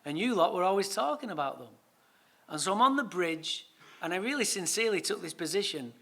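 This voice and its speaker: High bright-voiced English man telling stories. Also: fairly quick. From England. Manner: lively comic storytelling, swearing freely. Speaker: recovery meeting speaker. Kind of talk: storytelling talk.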